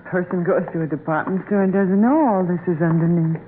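An actress playing a timid, nervous wife in an old-time radio drama, hesitant and pleading. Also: female voice, fairly low pitch, quick pace, lightly acted. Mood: curious. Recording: tinny lo-fi old radio broadcast with hiss.

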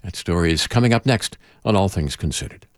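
A man's voice: deep voice, animated, a little fast, dry recording, clean studio sound. A man hosting local radio, reading news and sports briefs.

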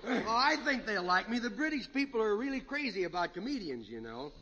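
Casting: high-voiced comic, giggly and goofy, hissy old radio broadcast. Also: male voice, very animated, a little fast, dull audio. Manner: goofy, giggly, joke-cracking. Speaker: comedian, star of the show. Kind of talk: 1950s radio comedy.

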